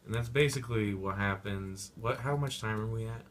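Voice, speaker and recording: A man's voice: fairly low pitch, normal speed, a little hiss or hum. A young man giving a rambling, profane casual movie review, full of slang and goofy asides.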